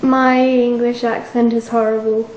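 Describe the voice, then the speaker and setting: A woman's voice: fairly high pitch, little pitch movement, measured pace, a little mellow, muffled recording, a little hiss or hum. An Australian woman vlogging in a rambling, chatty, self-mocking way. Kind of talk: casual vlog chat.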